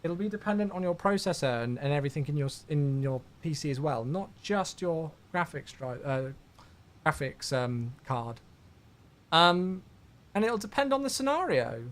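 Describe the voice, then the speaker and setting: Animated high-voiced man streaming. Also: moderate pace. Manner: rambling, chatty, answers viewer questions. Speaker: flight sim streamer. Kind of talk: casual live-stream chat.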